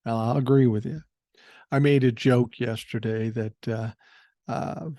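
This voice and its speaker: An older man hosts a podcast, riffing bluntly and with some swearing as he reads listener emails. His voice sits at an ordinary middle pitch. The sound is dry and close. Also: steady tone, a little slow, mellow, dry recording. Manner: blunt, profane, opinionated, thinking aloud with fillers. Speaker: podcast host. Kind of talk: casual political commentary, reading listener emails.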